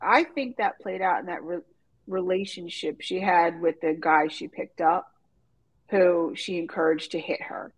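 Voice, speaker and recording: A woman on a discussion panel lays out her view step by step. She talks in a measured, reasoned way. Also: fairly low pitch, rough recording.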